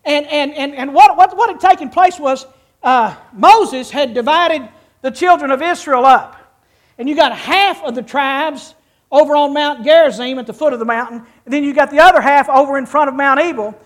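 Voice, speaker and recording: Preacher, pretty high voice, folksy, reading scripture and getting the church to join in. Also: normal speed. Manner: folksy, teaching, with audience participation. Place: church before a live congregation.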